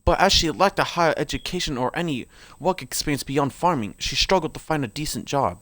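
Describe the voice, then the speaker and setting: A man's voice: on the high side, expressive, brisk, fairly bright tone, no room sound. A man reading game character profiles aloud. He often stumbles and corrects himself, and breaks off into joking asides. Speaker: game video creator.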